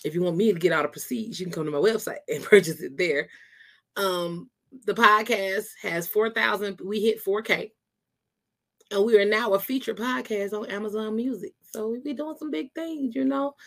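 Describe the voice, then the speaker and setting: A woman's voice: medium pitch, moderate pace, fairly bright tone. A woman hosting her own podcast in a laid-back, chatty way, laughing often and sounding tired after a workout. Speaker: podcast host. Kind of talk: casual podcast chat.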